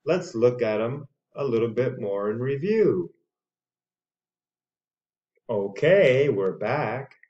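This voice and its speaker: Slow-speaking man teaching dinosaur words. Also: mid-range voice, animated, darkish tone, lo-fi sound. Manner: slow, drawn-out words for repeating; playful, voices the dinosaurs speaking. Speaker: English teacher. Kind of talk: children's reading lesson.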